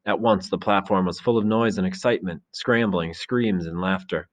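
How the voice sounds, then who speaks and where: A man narrating a novel aloud in a measured, dramatic storytelling manner. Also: low-pitched, fairly even intonation. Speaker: teacher reading a novel aloud. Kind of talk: expressive audiobook narration.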